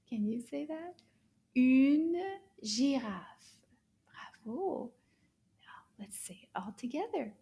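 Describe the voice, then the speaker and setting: A woman teaching French to young children, slowly repeating words for them to echo, with soft whispery asides and warm praise. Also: on the high side, lively intonation. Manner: puppet-style play with a pineapple friend. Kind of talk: slow, encouraging kids' language lesson.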